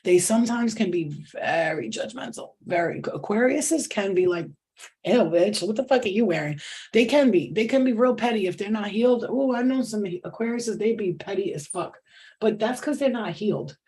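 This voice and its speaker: A woman's voice: mid-range voice, lively intonation, moderate pace, a little mellow. A middle-aged woman hosting a live spiritual reading, talking casually, swearing, restarting sentences and laughing often. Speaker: tarot reader.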